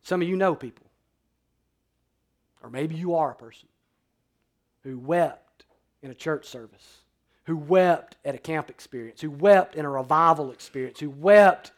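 A male pastor preaches a sermon, alternating between loud, emphatic declarations and quiet passages in a low voice.

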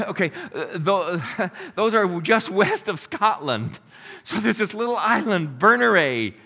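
Guy preaching in a church, high voice, acts out the characters, big echoey room. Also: slow, breathy edge. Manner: animated, voices characters in stories. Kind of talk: sermon storytelling. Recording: reverberant hall.

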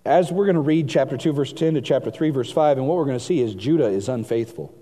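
A man preaching a sermon, reading scripture aloud and swinging between hushed and emphatic delivery. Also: medium pitch, fast talker. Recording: long hall reverb.

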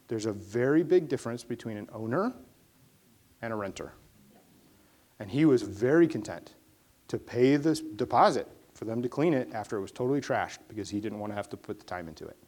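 A man's voice: mid-range voice, lively intonation, brisk. A man preaching a sermon in a casual storytelling way, with emphatic bursts on key points. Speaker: pastor. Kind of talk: conversational sermon.

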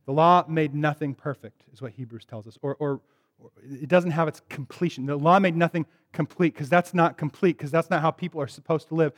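A male pastor delivers a sermon with a slightly higher-than-usual voice, chatting with his congregation and cracking jokes along the way. His words trail off into a long hall reverb. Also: a little fast. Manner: conversational, jokey, addresses congregation directly. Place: church sanctuary.

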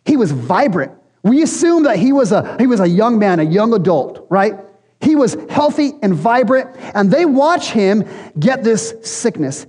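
This pastor's sermon comes in a high yet darkish voice, unhurried, with big swings in pitch. He addresses the congregation earnestly, as if in conversation, while the church hall lends a long reverb.

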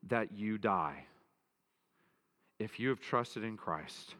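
A man's voice: on the low side, a bit bright. Man preaching in a reverberant hall. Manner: earnest, emphatic preaching with repeated phrases. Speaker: pastor. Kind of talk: sermon.

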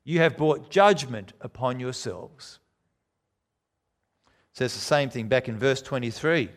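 A man preaching a sermon, emphatic, swinging between loud declarations and quiet, low lines. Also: a little slow.

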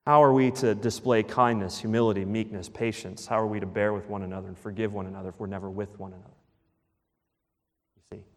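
A man preaching a sermon as pastor, emphatic, repeating key phrases and dropping to a hush at the ends of lines. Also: on the low side, steady tone, fast, long reverb tail.

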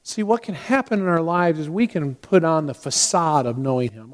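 A male pastor with a fairly high voice preaches a Sunday sermon at a moderate pace, putting direct questions to the congregation and ending in prayer. He is in a church sanctuary, and the recording carries a long hall reverb.

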